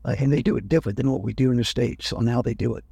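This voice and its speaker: An older man tells family stories in a relaxed, meandering way. He stops to restart sentences as he goes. His voice is gravelly and husky, recorded close with no room sound. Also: medium pitch, rapid-fire, no echo. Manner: rambling, self-correcting anecdotes. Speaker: guest. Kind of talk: relaxed storytelling in conversation.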